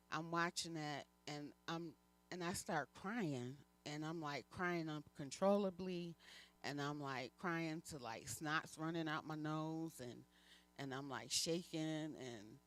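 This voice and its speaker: A woman minister giving a personal testimony in church, telling her story candidly with frequent pauses and fillers. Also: deep voice. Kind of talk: personal testimony within a sermon.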